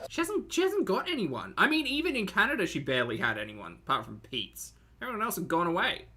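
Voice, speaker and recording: A woman's voice: fairly low pitch, sing-song, fast, noisy background. A woman streaming live, reacting to videos with sarcastic, teasing commentary and thanking her chat.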